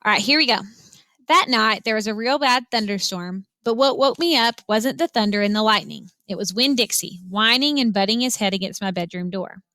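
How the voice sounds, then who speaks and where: A woman teacher reading a novel aloud to her students, telling them to follow along, with an expressive read-aloud manner. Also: mid-range voice, a little fast, dry recording.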